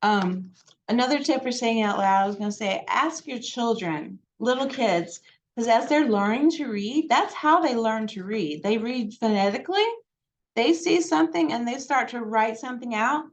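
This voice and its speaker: Woman genealogy presenter, chatty and meandering, slightly high voice. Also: lively intonation, moderate pace. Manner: chatty, digressive, many fillers. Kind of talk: library presentation.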